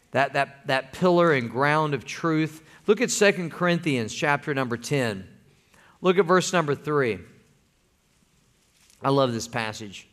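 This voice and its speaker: A man's voice: a little high, a bit bright. Folksy preacher man. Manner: folksy, calls for congregation responses. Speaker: pastor. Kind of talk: sermon.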